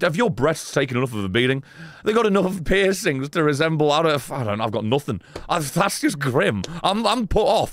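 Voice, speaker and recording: A man giving sarcastic, excitable let's-play commentary, swearing often and talking back to characters in the game. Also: fairly high pitch. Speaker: gaming streamer.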